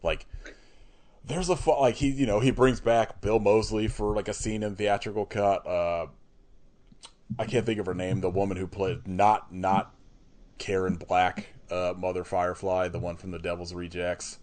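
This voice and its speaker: A man's voice: deep voice, fairly even intonation, moderate pace, a little mellow. A man co-hosting a podcast, chatting casually about horror movies, swearing freely and laughing often. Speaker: podcast co-host. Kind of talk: casual chat.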